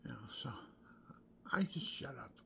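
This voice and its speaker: A man in his sixties telling a rambling personal story, drifting between whispered asides and loud exclamations. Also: normal speed. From Pennsylvania, USA. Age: 60s.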